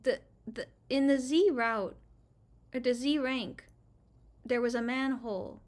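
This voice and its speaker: A woman hosting a gaming channel, giving rambling, chatty let's play commentary full of fillers, swinging between loud outbursts and quiet muttering. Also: high voice, fairly even intonation, measured pace.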